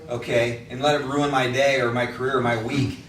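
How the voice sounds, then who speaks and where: A man's voice: mid-range voice, little pitch movement, fairly quick, a bit bright. A man giving a casual workshop talk to real estate agents, blunt and conversational, coaching them. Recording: echoey room from far off.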